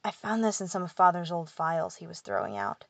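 A woman voicing a curious young man, calm and gently amused, in a storybook reading. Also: on the low side, a little fast, vocal fry, dry recording. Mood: secretive.

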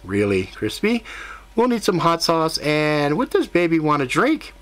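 A man's voice: a little high, huge pitch swings, a little slow, a bit bright, voice pushed up, full character voice. A man voicing a friendly, easygoing young woman with a lightly raised voice.

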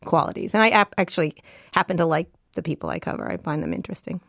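A woman tech journalist speaking as an interview guest in a studio, blunt, quick-witted and self-assured. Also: sits low, huge pitch swings, creaky, a bit bright, no room sound. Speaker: technology journalist.

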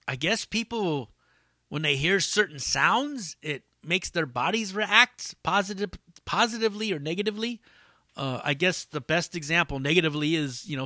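A man's voice: on the high side, sharp tone, no echo, studio quality. A man hosting a solo podcast in a casual, rambling, profane way with lots of fillers. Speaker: podcast host.

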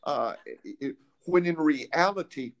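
A man hosting a casual faith talk, fervent and emphatic, often repeating words as he searches for what to say. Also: fairly high pitch. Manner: halting, with many repeated words.

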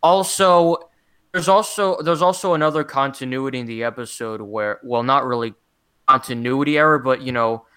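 A man's voice: mid-range voice, moderate pace, sharp tone, smooth. A young man in casual chat, reviewing cartoon episodes, often restarting his sentences and sounding a little wry.

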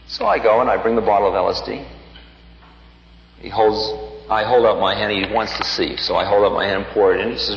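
A man giving a spiritual talk, telling a personal story in an unhurried, reflective way and livening up the quoted lines. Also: lowish voice, vocal fry. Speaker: spiritual teacher. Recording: dull lo-fi recording in a reverberant hall.

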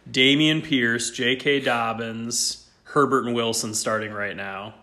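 Bright-voiced eager man on a podcast. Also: mid-range voice, steady tone. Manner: upbeat and eager, with halting restarts. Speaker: podcast co-host. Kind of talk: casual chat.

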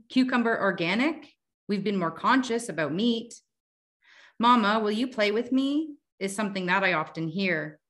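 A woman's voice: lowish voice, a bit bright. A woman on a video call, chatting casually as a guest and reading her own rhyming poems aloud. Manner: chatty, fillers like "like" and "um". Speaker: guest poet.

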